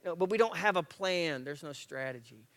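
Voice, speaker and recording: A man's voice: fairly high pitch, brisk. A man in his forties giving a motivational talk as a guest speaker at a church men's breakfast, telling stories, acting out dialogue and joking at his own expense. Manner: lively storyteller acting out dialogue; jokey, self-mocking.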